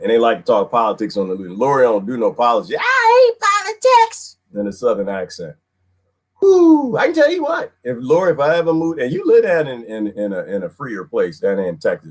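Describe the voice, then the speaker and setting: A man rambles through a casual livestream in folksy slang, circling back to repeat his points. His mid-range voice leaps up and down constantly, giving every line a lively bounce. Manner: rambling and animated, swooping pitch, frequent laughs. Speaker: livestreamer reading chat comments.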